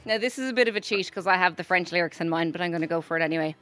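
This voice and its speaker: Irish female radio presenter, cheery and teasing, crisp bright tone. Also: on the low side. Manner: playful, enthusiastic, quick affirmations. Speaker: radio host. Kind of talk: upbeat radio interview.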